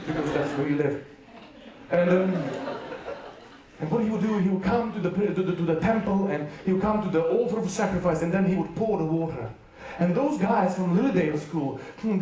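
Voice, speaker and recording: A Serbian man with a Serbian accent and a high, slightly mellow voice preaches a playful sermon to a youth rally. He tells stories full of jokes and quick asides. The hall is very echoey and the mic sits far away.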